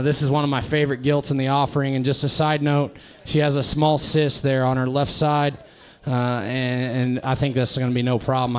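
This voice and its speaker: A man presenting his pigs at a ringside livestock sale in a tent, casual and halting with many fillers and restarts. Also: mid-range voice.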